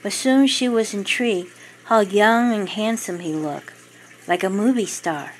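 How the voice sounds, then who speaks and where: Woman storyteller, author reading her own tale, slow and even, mid-pitched. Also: slight background noise, low-quality recording. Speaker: author and narrator. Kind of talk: storybook narration.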